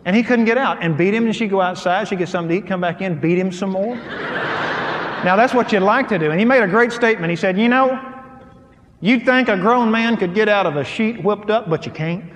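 A middle-aged man preaching a humorous sermon, acting out his stories in an animated, folksy way. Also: high-pitched, fairly quick. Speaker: pastor. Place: large hall with audience. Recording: hall reverb with faint ambience.

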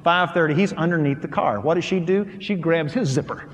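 A middle-aged man preaching a humorous sermon, acting out his stories in an animated, folksy way. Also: on the high side, brisk, background noise. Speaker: pastor. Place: large hall with audience. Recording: hall reverb with faint ambience.

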